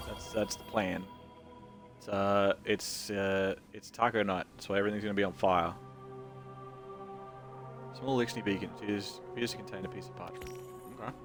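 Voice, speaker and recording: Low-voiced male streamer, rambling and jokey, with faint game music behind. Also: fairly even intonation, normal speed, pauses often, fairly bright tone. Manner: rambling, joking, reads game text aloud. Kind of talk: casual gameplay commentary.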